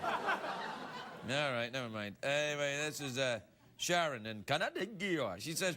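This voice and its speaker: A man hosting a late-night talk show, reading viewer emails aloud and riffing on them with animated, mock-indignant comedy. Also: mid-range voice, measured pace. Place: TV studio with live audience. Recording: loud studio audience, live-broadcast noise.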